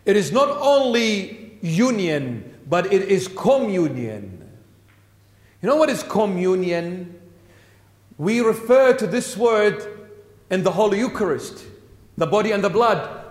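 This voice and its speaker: Emphatic high-voiced male preacher, echoey church. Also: very animated, slow pace, darkish tone. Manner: emphatic, repeats phrases, asks rhetorical questions. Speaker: bishop preaching. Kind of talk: sermon.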